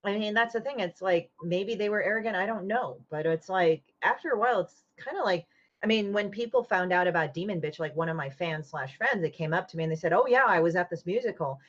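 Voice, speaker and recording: A woman comic artist in casual podcast chat, talking bluntly and swearing freely as she retells a falling-out with lively energy. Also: on the low side, brisk. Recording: dull lo-fi audio.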